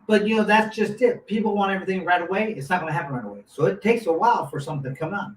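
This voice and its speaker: This ex-boxer, in his fifties, talks at a racing speed in a voice that sits high, drifting through a lengthy casual story with repeated restarts and asides in an animated, rambling way. A distant mic picks him up in a roomy space, with faint noise underneath.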